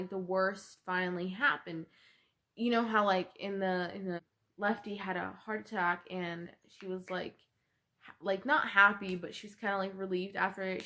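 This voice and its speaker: A woman's voice: medium pitch, a bit bright. A young woman student giving a book report presentation, talking hesitantly with many fillers.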